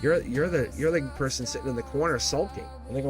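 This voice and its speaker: A man's voice: mid-range voice, quick pace. A man giving a live-stream tarot reading in a chatty, teasing way, often laughing. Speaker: tarot reader. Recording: music playing behind the voice. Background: background music.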